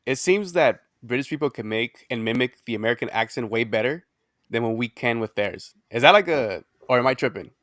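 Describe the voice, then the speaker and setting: A man co-hosting a casual sports podcast, laid-back and quick to laugh. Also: mid-range voice, lively intonation, fairly bright tone, no echo, clean studio sound. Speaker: podcast co-host.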